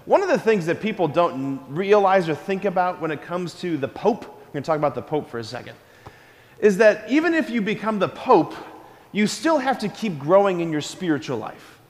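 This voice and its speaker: Upbeat priest guy preaching at a school mass, fairly high voice, big echoey church. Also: moderate pace. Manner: energetic, engaging the congregation with call-and-response. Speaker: Catholic priest. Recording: long church reverb.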